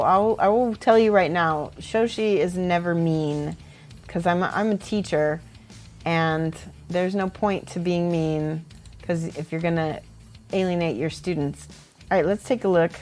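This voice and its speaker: A woman hosting a casual livestream, chatting warmly and encouragingly as she critiques painted miniatures and laughs often. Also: fairly low pitch. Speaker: miniature painting host and teacher.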